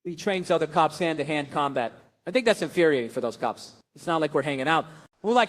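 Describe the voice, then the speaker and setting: High-voiced animated male stand-up comic. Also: a little fast. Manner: animated storytelling, jumping into character voices. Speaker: stand-up comedian. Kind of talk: stand-up comedy routine.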